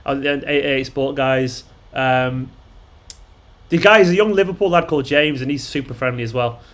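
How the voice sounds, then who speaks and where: A man's voice: mid-range voice, normal speed, a bit bright. A man hosting a fan live stream, chatting casually and bluntly, swearing and rambling with lots of fillers. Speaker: fan channel host.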